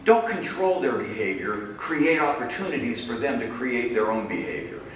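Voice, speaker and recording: A man's voice: mid-range voice, lively intonation, moderate pace. A middle-aged man giving a conference keynote, speaking in punchy short phrases with dry humor. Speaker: keynote speaker, business professor. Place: large conference hall. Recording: echoey hall, distant mic, faint noise.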